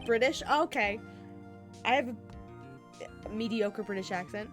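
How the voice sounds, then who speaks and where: A woman's voice: a little high, slow, long pauses. A young woman streaming a game playthrough, giggly and self-deprecating about her voices. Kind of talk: live game playthrough with voice acting. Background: game music.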